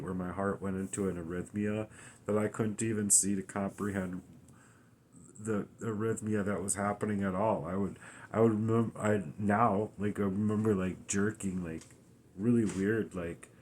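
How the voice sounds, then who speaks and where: A weary, distressed man talking through his troubles in a raw, halting personal monologue, often restarting and swearing. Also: on the low side, darkish tone, a little hiss or hum. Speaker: vlogger.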